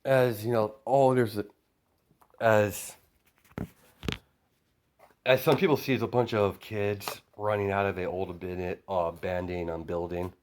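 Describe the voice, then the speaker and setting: A man's voice: on the low side, fairly even intonation, unhurried, pauses often, a little mellow, slight background noise. A man improvising a fan story as a storyteller, rambling with many fillers and self-corrections.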